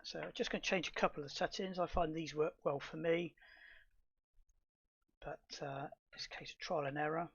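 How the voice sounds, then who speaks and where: A middle-aged man calmly explaining software steps in a tutorial, with fillers and restarts. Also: a little high, moderate pace, creaky, slightly rough, highs cut off. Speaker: astrophotography tutor. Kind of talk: screen-recorded software tutorial.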